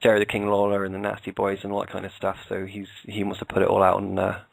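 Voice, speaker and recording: A man's voice: sits low, monotone, quick pace, creaky, no echo, poor audio. A British man, a podcast co-host, chatting casually as an interview guest, hesitant with many fillers and restarts. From England.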